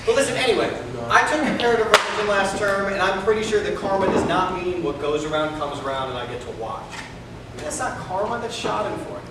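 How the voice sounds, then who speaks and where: A man's voice: high-pitched, expressive, brisk. An actor playing a prim, earnest young male history student in an amateur stage play. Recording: distant echoey hall with noise.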